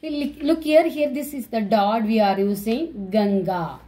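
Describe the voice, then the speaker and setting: A woman's voice: fairly high pitch, expressive, mellow, low-quality recording. Indian woman teacher explaining patiently. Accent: Indian English. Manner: explains slowly, repeating letters and words, with frequent fillers. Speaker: school teacher. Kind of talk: online class lesson.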